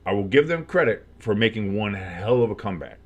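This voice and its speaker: A man's voice: on the low side, expressive, brisk, dull audio. Male fan calling games play-by-play, chatty, loose, lots of fillers, leaps up when plays break open. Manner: rambling, many fillers, jumps up on big plays. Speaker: sports fan commentator. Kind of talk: casual play-by-play with reactions.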